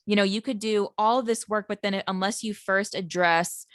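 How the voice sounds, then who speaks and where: A woman's voice: mid-range voice, steady tone, moderate pace, fairly bright tone. A woman hosting a podcast, enthusiastic and affirming, with many "you know" and "like" fillers. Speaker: podcast host. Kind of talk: casual podcast conversation.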